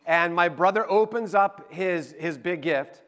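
A pastor in his forties with a high-pitched voice preaches a little slowly, in a chatty, animated storytelling way. He acts out the quotes as he goes.

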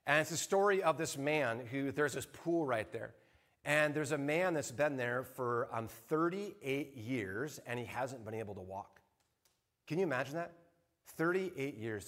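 A middle-aged man preaching a sermon as pastor, earnest, often dropping to soft hushed tones for emphasis. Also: medium pitch.

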